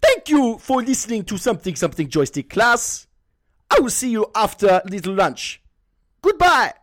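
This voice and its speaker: A man's voice: sits high, sing-song, normal speed, fairly bright tone, pitched above the performer's own voice. A man voicing a young, ambitious male primary school teacher with a Sudanese accent, closing his class in a cheery way. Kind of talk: comedic impression.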